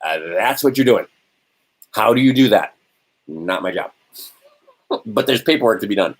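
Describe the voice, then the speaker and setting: Brief: man giving a casual lecture, low and husky, rhetorical, halting with fillers. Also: expressive, low-quality recording. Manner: rhetorical, keeps checking in with "right?"; answers his own questions, halting with fillers. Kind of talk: informal lecture to a small audience.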